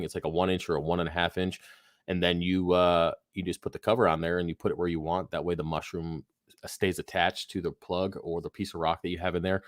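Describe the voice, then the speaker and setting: Man, very low voice, dry close sound, tired, phlegmy, laid-back rambling live Q&A host. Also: fairly bright tone, no echo. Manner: laid-back, rambling, swears freely, many fillers. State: tired, yawning, phlegmy throat. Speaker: aquarium livestream host. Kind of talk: casual live Q&A, reading chat questions.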